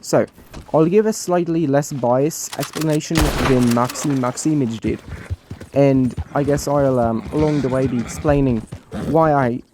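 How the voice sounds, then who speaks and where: A man's voice: medium pitch, a little slow, background noise. Chatty young guy. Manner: animated, chatty, self-deprecating. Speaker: channel creator. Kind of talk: casual chat to viewers.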